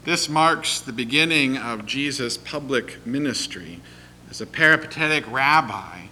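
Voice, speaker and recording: A man preaching a sermon, telling a story in a measured way and letting his voice fall at the ends of phrases. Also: mid-range voice, animated, pushed and bright, a little hiss or hum, low-quality recording. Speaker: pastor.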